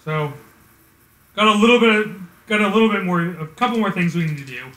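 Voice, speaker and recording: A man's voice: high voice, expressive, a little fast, sharp tone, reverberant, rough recording. A man giving offhand, joking commentary over a video game speedrun, teasing the plot as he plays. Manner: jokey, offhand, mocks the plot. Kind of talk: gameplay commentary.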